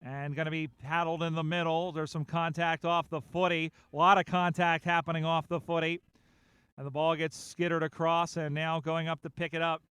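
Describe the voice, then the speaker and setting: A man calling a live field game, his voice a little high and smooth with a clean, crisp tone. He talks in quick, excited bursts when the play picks up, with a level, fairly steady melody. The sound is close and dry, with no room around it. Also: no room sound. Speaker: play-by-play commentator. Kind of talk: live sports commentary. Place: outdoor sports field broadcast.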